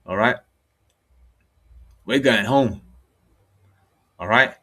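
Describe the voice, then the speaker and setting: A man's voice: medium pitch, sharp tone, husky. Blunt, profane British preacher man. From United Kingdom. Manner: blunt and profane, with frequent "okay?" and "all right?" check-ins; reads scripture aloud slowly. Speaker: religious preacher. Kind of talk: informal preaching monologue.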